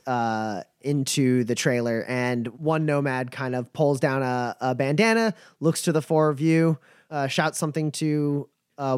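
Game master, man, halting delivery with many fillers, dry close sound. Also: mid-range voice, clean tone, no echo. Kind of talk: narrating a tabletop game.

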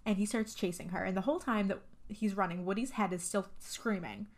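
A woman's voice: medium pitch, fairly quick. A woman co-hosting a podcast, casually recapping a horror movie, rambling and profane with many fillers. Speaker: podcast co-host.

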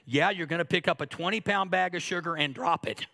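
A man's voice: a little high, fairly quick, sharp tone. A man in his fifties preaching a sermon, joking and acting out little asides in a conversational way. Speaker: pastor.

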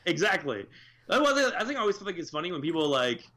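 Man co-host, slightly higher voice, loose rambling talk full of fillers and cursing. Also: very animated, quick pace, a loud crowd. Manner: rambling, profane, many fillers. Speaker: podcast co-host. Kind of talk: casual chat.

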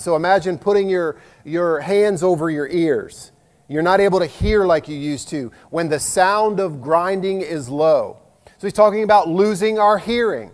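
A man's voice: sits high, animated, measured pace. A man, preaching a sermon in a folksy, self-deprecating way with jokes. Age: 50s. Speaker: pastor. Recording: long hall reverb.

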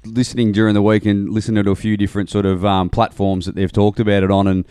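A man's voice: fairly low pitch, level tone, quick pace, warm tone, smooth, dry recording, clean studio sound. A man hosting a casual chat, explaining things steadily at length with fillers. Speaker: podcast host.

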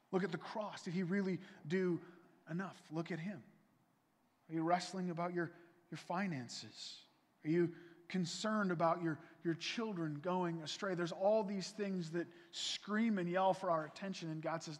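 A man preaching a sermon as pastor, earnest and pleading, his voice swelling louder and then dropping soft. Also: high voice, moderate pace. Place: church sanctuary. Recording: long reverb from a church hall.

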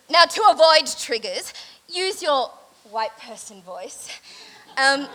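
High, bright woman in mock lecture. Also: lively intonation, slow pace, long pauses, low-quality recording. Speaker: event speaker.

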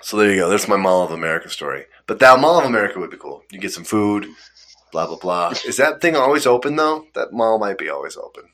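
A young man chatting casually, drifting through a long anecdote and acting out what people said along the way. His voice is fairly low but bright, and he laughs often as he talks. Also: sing-song, quick pace. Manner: rambling storyteller, laughs often, acts out quotes. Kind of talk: casual chat.

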